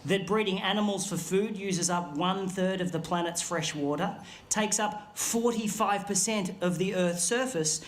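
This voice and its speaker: A performer voicing a male felt puppet stand-up comedian with an Australian accent, telling a swearing, deadpan story on a live stage. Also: mid-range voice, normal speed, hardly any pauses, close to an everyday voice. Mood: mocking. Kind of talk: stand-up routine. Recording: echoey stage with audience noise.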